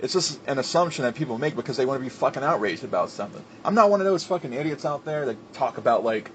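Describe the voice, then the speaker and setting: A man's voice: medium pitch, animated, fast talker, fairly bright tone, a little hiss or hum. A man giving a heated, profane wrestling commentary rant, with lots of fillers and restarts. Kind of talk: ranting commentary.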